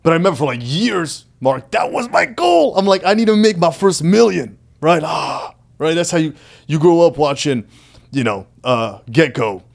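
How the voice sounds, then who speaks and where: A man's voice: a little high, big pitch swings, normal speed, gravelly. A man who is a guest on a casual podcast, telling his story animatedly with heavy profanity and calling the host "brother".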